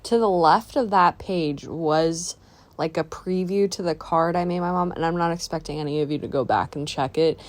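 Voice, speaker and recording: A woman's voice: on the low side, moderate pace. A young woman from the San Diego area chatting casually in a voiceover about her painting, rambling and talking to herself. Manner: chatty, rambling, self-talk asides. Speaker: art vlogger.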